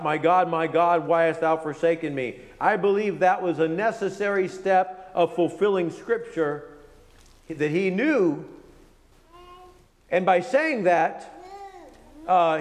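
A man teaching verse by verse from the Bible. He reads King James passages aloud, then explains them plainly, with unhurried pauses and "uh" fillers. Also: high voice, big-room sound.

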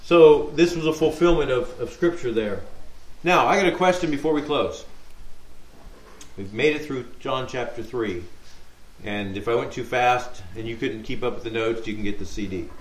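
A man's voice: medium pitch, moderate pace. A man leading a Bible study, reading scripture aloud and talking it through conversationally with rhetorical questions. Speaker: Bible teacher. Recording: echoey room sound.

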